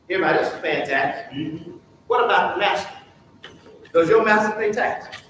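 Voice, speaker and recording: A high-voiced man leads a Sunday school lesson in a preacherly call-and-response style, firing questions at his class. He is recorded from a distance in a church room that rings with heavy echo. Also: sharp tone, a little hiss or hum. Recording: very echoey church room from far off.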